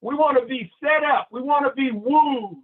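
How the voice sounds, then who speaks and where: A motivational speaker with a very high voice and a moderate pace gives a sales team a playful talk, acting out little scenes as he goes. The recording sounds tinny, like a phone.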